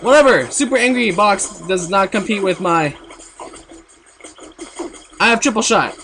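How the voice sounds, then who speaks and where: A young man giving jokey, excitable commentary while playing a video game, with sudden outbursts. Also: high voice, a little slow, faint music behind. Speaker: let's play gamer. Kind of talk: goofy gameplay commentary.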